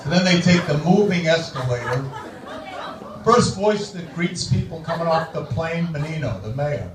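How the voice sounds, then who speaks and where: A stand-up comedian delivers sardonic, profane bits in a fairly high voice. He sounds far from the mic in an echoey comedy club. A loud crowd laughs over steady room noise. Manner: sardonic, profane, quick asides. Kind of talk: stand-up routine.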